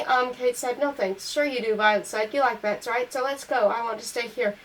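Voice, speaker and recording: Woman reading a novel, fairly high voice. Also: normal speed, few pauses, low-quality recording. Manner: reads on through slips and self-corrections. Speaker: audiobook reader.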